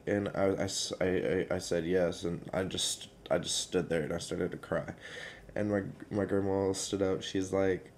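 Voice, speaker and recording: A young man, telling a personal story in a casual vlog, hesitant and halting with many fillers. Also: low voice, steady tone, a little hiss or hum. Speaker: vlogger.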